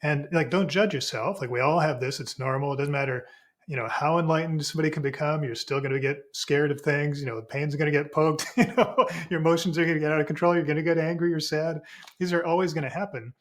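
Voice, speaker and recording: A man, a spiritual teacher and podcast guest, explaining ideas in a relaxed, unhurried way with frequent restarts. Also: fairly high pitch.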